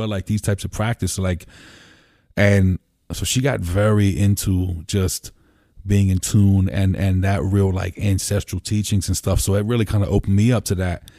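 A man's voice: low-pitched, dark tone, dry recording, clean studio sound. A man from Pennsylvania, a podcast guest, telling stories in a loose, rambling way, full of "you know" fillers and casual swearing. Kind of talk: casual storytelling conversation. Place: home room.

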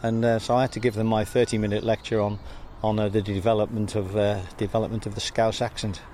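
A man's voice: lowish voice, little pitch movement, fast talker, mellow. Older man, wry anecdotal interviewee, faint hiss outdoors with distant traffic. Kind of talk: anecdotal conversation.

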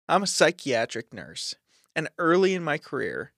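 A man co-hosting a podcast who chats casually in an animated way and chuckles as he talks. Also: fairly high pitch, vocal fry, no room sound, studio quality. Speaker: podcast co-host. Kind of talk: casual chat.

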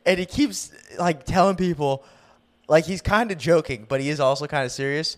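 A man's voice: fairly high pitch, normal speed. A young man co-hosting a podcast, telling a story in casual chat, laughing often and saying "dude" and "like" a lot. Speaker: podcast co-host.

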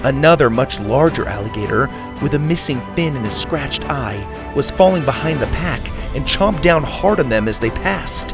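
Gravelly man reading a story. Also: mid-range voice, normal speed, hardly any pauses. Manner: steady, descriptive. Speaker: narrator. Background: faint music.

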